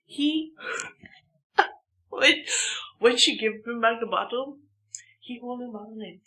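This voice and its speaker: A woman from Saint Martin telling a story in a casual, animated way, laughing between lines and using lots of slang. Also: a little high, slow, pauses often, husky, poor audio. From Saint Martin, Dutch Caribbean.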